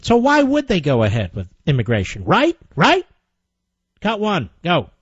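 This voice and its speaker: A man's voice: on the high side, huge pitch swings, a little slow, slightly rough, dry recording. A man hosting a political radio talk show, sarcastic and indignant as he mocks the clips he plays. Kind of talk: combative political radio commentary. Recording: muffled lo-fi broadcast audio.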